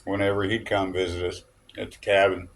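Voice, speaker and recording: A man's voice: sits low, little pitch movement, brisk. A man telling a rambling personal story, chuckling often and checking in with "okay?". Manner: chuckling, loose and digressive, peppered with "okay?" and "uh".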